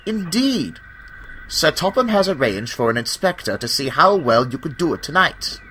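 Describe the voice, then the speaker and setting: Man doing a pompous, excitable earl. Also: on the high side, moderate pace, slight background noise, voice pushed up. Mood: excited. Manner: pompous, enthusiastic. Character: excitable male aristocrat, pompous and cheerful.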